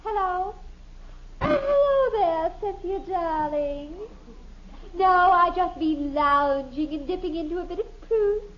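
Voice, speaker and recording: A woman's voice: very high-pitched, animated, slow, heavily acted. An actress playing a teenage girl who puts on refined airs, in affected, theatrical 1950s radio sitcom acting, on a dull old radio recording. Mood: affected posh.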